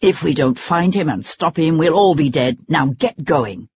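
Audiobook villain: reader playing a menacing male conspirator, husky, lo-fi audio. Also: mid-range voice, expressive, moderate pace, dry recording. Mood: threatening. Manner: menacing, persuasive. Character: ruthless male conspirator, cold and threatening. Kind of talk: audiobook character voice. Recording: dull lo-fi recording.

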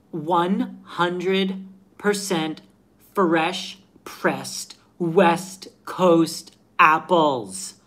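Man doing a valley girl, gushing, drawn-out, slow and airy. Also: sits high, sharp tone, pitched above the performer's own voice, exaggerated voice. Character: breathless young Valley Girl woman.

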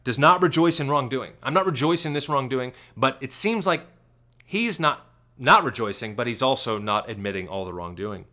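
A man giving commentary on a clip, asking sarcastic rapid-fire questions. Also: mid-range voice, lively intonation, sharp tone.

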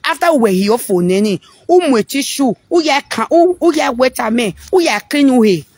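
A husky-voiced woman with a Nigerian accent speaks in a loose, frank monologue, stumbling over and repeating words as she goes. The sound is close and dry, with no room around it. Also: sits high, animated, normal speed, darkish tone, no echo. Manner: frank, rambling, repeats words mid-sentence. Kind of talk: casual monologue.

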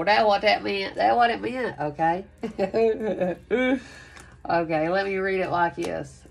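A woman talks her way through a tarot card reading in a loose, chatty manner. She lets out whoops and laughs now and then. Her voice sits at a middle pitch. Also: slow, vocal fry. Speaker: tarot reader. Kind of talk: casual spoken card reading.

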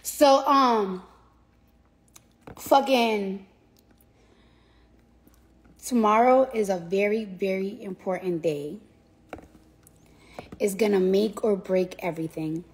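A woman's voice: mid-range voice, takes it slowly, pauses often. A tired woman rambling casually and profanely on a live stream from her phone, repeating herself as she talks to fans.

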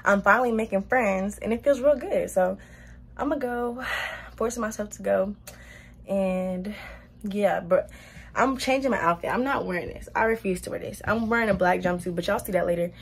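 A woman's voice: medium pitch, normal speed, gravelly, husky. Chatty young woman vlogging, out of breath. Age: young adult. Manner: chatty, laughs often, says y'all a lot. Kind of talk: casual vlog chat to camera.

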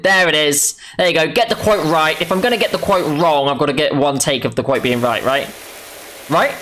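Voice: mid-range voice, normal speed, long pauses, a bit bright, slight background noise. A gamer giving playful let's-play commentary, goofy, talking to themself and humming silly tunes. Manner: goofy, talks to self, hums silly tunes.

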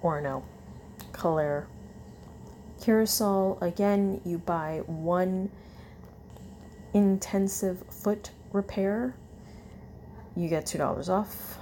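A woman reads off a long coupon list at a dragging, weary pace, with many fillers and self-corrections. Her voice is low-ish and mellow. Faint ambient noise sits behind her. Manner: slow, tired reading with fillers and self-corrections. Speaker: vlogger. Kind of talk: casual chat reading a coupon list.

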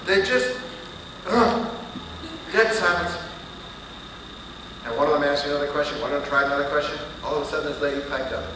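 A man preaching and telling a story in a dramatic, animated way. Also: fairly high pitch, fairly quick, long pauses. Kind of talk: sermon storytelling. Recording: echoey hall recording from far off, with hiss.

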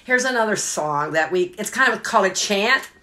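A woman's voice: medium pitch, expressive, normal speed, pushed and bright. A woman teaching children's songs on a live stream, cheerful and sing-song, breaking into songs and silly sounds. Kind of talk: singing songs and chants for kids on a live stream.

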